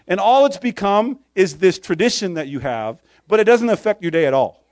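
High-voiced preacher asking punchy questions. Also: male voice, animated, fairly quick, hardly any pauses, a little mellow, no room sound, clean studio sound. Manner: preaches in short call-and-response questions; quotes scripture in old-fashioned wording. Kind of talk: sermon.

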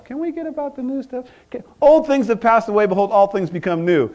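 A man preaching a sermon, calling out to the congregation and swinging between loud and soft. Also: sits high, big pitch swings, brisk, hardly any pauses. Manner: preaching with call-and-response, rising and dropping in volume. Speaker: pastor.

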